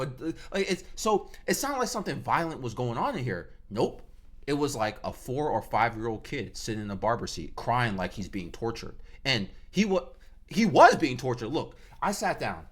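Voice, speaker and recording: A man telling a casual storytime rant, slangy and animated, acting out the sounds he describes. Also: moderate pace. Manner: animated, acts out sounds and jumps between high and low pitch; slangy and conversational. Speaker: vlogger.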